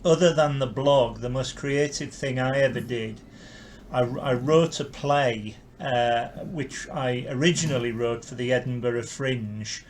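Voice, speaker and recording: A man's voice: medium pitch, unhurried, slight background noise. A man from Carlisle, England, hosting a podcast interview and talking hesitantly about his own play with many ums. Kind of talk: casual interview chat.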